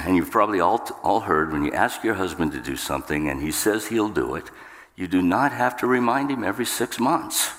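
Low-voiced male pastor, unhurried and emphatic sermon delivery, reverberant church hall. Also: expressive, a bit bright, a little hiss or hum. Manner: emphatic, jumps up in pitch for acted outbursts. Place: church sanctuary.

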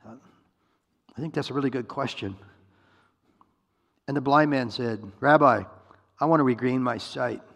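A man's voice: mid-range voice, gravelly, breathy edge. A man preaching a sermon, retelling a story and acting out its voices, often asking his listeners questions. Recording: long hall reverb.

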